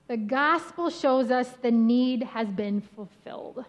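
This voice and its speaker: A woman pastor giving a sermon with a gentle, rhythmic delivery. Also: a little high, takes it slowly, few pauses. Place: church sanctuary.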